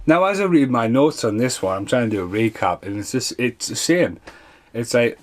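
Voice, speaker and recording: A man's voice: medium pitch, animated, a little fast. A man casually reviewing bad films, sarcastic and swearing constantly. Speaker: film reviewer.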